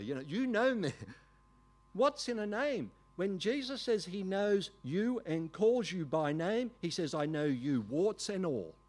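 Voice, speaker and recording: A middle-aged man, preaching a sermon in an emphatic, animated way with folksy asides. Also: on the high side. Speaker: pastor.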